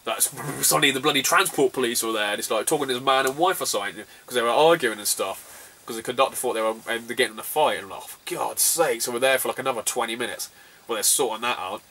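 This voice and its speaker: Brief: young man, chatty storyteller, bright forceful tone, a bit off-mic. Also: medium pitch, fast, far from the mic. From England, southwest. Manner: laughs often, swears freely, animated retelling. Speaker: retro gaming vlogger. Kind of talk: casual storytelling.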